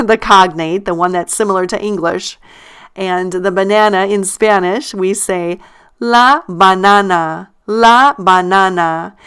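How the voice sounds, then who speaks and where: A woman walking teachers through a language curriculum step by step, upbeat and slowing down to model each word. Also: medium pitch, a bit bright, smooth. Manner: upbeat, slows to model pronunciation. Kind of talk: instructional walkthrough.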